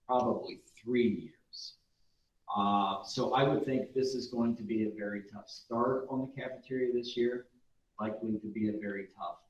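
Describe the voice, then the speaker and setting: Man giving a budget report at a board meeting, measured and plain, far off the mic in an echoey room, kinda dull sound. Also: medium pitch. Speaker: school finance officer. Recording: roomy, distant and dull.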